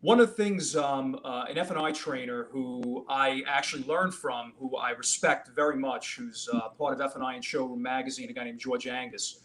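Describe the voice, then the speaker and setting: A man's voice: medium pitch, moderate pace, hardly any pauses, a bit bright, rough recording. A man who works in dealership finance, talking casually on a podcast and explaining a best practice with some fillers. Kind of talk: casual conversation.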